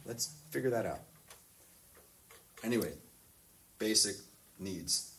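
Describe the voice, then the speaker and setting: A man, a priest speaking to a group of boys at his school, in an easygoing, rambling way full of "like" and quick laughs. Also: lowish voice, animated, a bit bright, recorded from a distance. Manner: chatty, full of "like" fillers, laughs often. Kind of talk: informal talk to a youth group. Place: boys' school in the US South.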